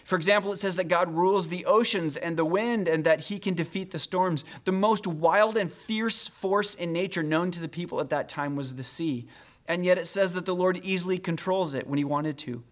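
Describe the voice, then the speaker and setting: A man preaching a sermon as pastor, earnest, slowing down when he reads scripture aloud. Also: high-pitched, a bit bright.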